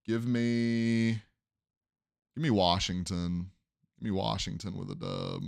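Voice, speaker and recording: A man's voice: on the low side, steady tone, takes it slowly, vocal fry, clean tone, no room sound. A young man hosting a sports podcast, casually running through game predictions and thinking aloud as he second-guesses his picks.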